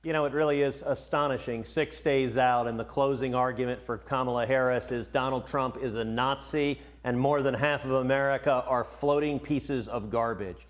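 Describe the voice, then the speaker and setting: A man's voice: medium pitch, steady tone, moderate pace, few pauses. A middle-aged man, a senator guest on a cable news interview, speaking emphatically and often repeating words as he starts sentences.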